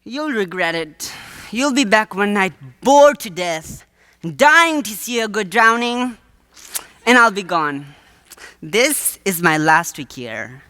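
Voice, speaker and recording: Teen actor as a wheedling waterfront huckster, theatrical sales patter, lively swooping voice, bright tone, dry close sound, school stage play. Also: mid-range voice, slow, smooth, dry recording, heavily acted. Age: teenager. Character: wheedling male waterfront huckster staging fake drownings.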